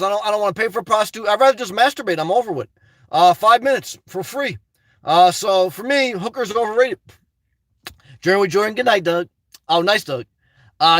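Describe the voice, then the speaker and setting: A man with a high-pitched voice hosts a casual livestream, joking and rambling as he reads out viewer comments. The sound is close and dry, with no room in it. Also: no echo. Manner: playful, rambling, jokey shout-outs to viewers. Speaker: livestream host reading chat.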